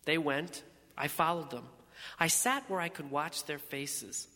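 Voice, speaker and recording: A man's voice: a little high, sharp tone. Man reading a story in a reverberant space. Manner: measured, reflective storytelling. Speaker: narrator. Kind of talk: first-person story reading.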